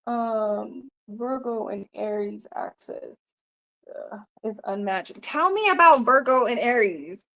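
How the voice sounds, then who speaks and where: A woman's voice: fairly high pitch, animated, slow pace, gravelly, sharp tone. A woman hosting a casual livestream, rambling loosely with lots of swearing, laughter and "you know" fillers. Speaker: livestream host. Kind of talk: casual live-stream chat.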